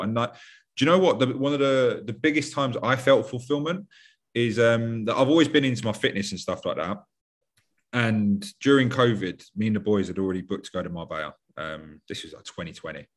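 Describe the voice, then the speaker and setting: A young British man talking casually on a podcast, rambling and blunt, with lots of fillers and swearing. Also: on the low side. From United Kingdom.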